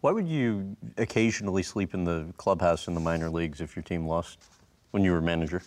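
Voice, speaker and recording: A man's voice: low-pitched, a little fast, a little mellow. A man interviewing a guest, asking short questions and reading out quotes. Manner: reads out quotes, asks brief follow-ups.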